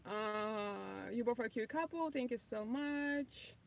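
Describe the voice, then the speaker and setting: A woman's voice: a little high, takes it slowly, creaky. A woman in her thirties, not a native English speaker, casually reading and answering viewer comments on a livestream with lots of ums. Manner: reads viewer comments aloud, many ums. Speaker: livestream host.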